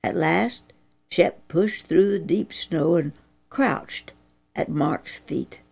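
A woman narrating a children's Bible story slowly and earnestly, her voice rising high in the tense moments. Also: creaky, darkish tone, breathy edge.

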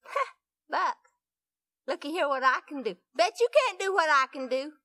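A high, lively little girl's voice in a storybook tale, put on by a woman narrator. Bright and childish, she teases in one breath and pleads in the next, with a dry close sound. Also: normal speed, dry recording, exaggerated voice. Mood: taunting. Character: remorseful scheming little girl.

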